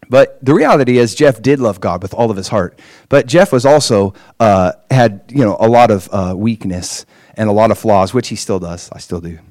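Man preaching an animated testimony. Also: mid-range voice, dry recording. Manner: animated storytelling, emphatic rises. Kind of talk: personal testimony sermon.

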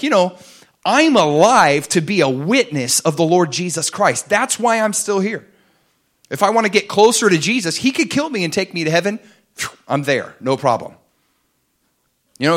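A man preaching a sermon to a congregation, fervent and animated, dropping at times to soft, intimate tones. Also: high voice. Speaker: pastor.

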